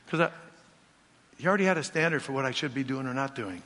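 A pastor preaches to his congregation in a church sanctuary, challenging them directly with rhetorical questions. His medium-pitched voice is fairly bright and very fast. The hall's long reverb carries through the recording.

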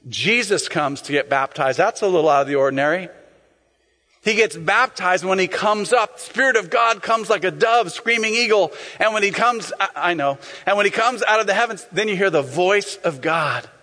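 A man preaching a sermon as a pastor, animated, acting out scenes and sometimes shouting. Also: sits high, long reverb tail.

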